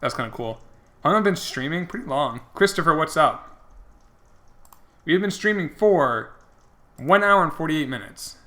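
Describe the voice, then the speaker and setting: A man's voice: fairly high pitch, expressive, normal speed, pauses often, sharp tone. A young man streaming a video game, telling stories and reading chat in a rambling, chatty way with lots of fillers. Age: young adult. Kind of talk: casual commentary while gaming.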